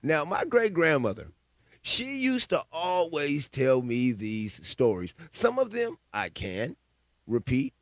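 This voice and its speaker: A man's voice: on the high side, huge pitch swings, slow pace, dry recording, studio quality. A man hosting a solo podcast, telling stories and giving opinions in a rambling, profane, casual way. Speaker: podcast host.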